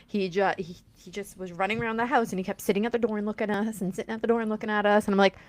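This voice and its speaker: A woman's voice: mid-range voice, rapid-fire. Chatty woman telling stories. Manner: chatty, animated storytelling. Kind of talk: casual conversation.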